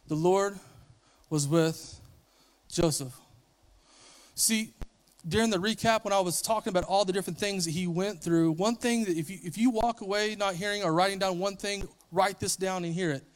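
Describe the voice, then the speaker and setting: A man's voice: sits high, a little fast. A man preaching a sermon, retelling a story in a casual, conversational way and briefly acting out the characters.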